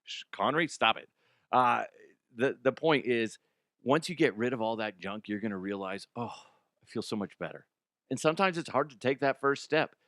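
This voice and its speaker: Heard in clean studio sound with no room sound, this man's mid-range voice is expressive, a bit bright, and moderately paced. He's a sports radio host on a casual talk show, reading a sponsor ad with jokes, self-mockery, and sudden silly voices.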